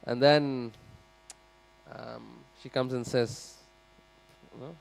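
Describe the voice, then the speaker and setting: A man's voice: medium pitch, slow pace, gravelly. A man giving a scripture class in a temple hall, telling a story animatedly and speaking directly to his audience. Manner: animated, acts out the characters. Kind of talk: sermon storytelling.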